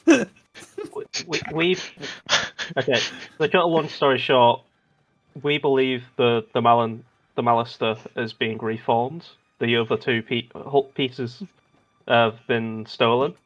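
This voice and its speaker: A man's voice: medium pitch, lo-fi sound. A man playing a tabletop game, blunt and joking as he lays out plans. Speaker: player. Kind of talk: tabletop role-play chat.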